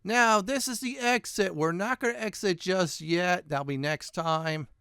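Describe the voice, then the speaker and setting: Brief: male let's-play host with a smooth, clear, slightly high voice, chatty and thinking aloud, dry close mic. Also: a little slow, bright, forceful tone, no echo. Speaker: gaming channel host.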